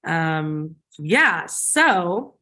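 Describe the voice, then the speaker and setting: A woman's voice: low voice, big pitch swings, very slow, sharp tone. A woman hosting a casual spiritual conversation on her channel, chatty and thinking aloud with fillers and small laughs. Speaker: host.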